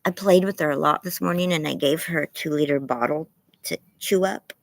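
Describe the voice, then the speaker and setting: A woman with a sore throat chatting casually on a livestream from her front yard, soft, weary and apologetic. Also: deep voice, a little fast, gravelly. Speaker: livestream host.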